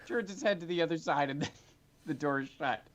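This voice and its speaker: A man narrating a tabletop game as game master, chatty and animated, with frequent filler ums. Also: a little high, brisk. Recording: dull lo-fi recording.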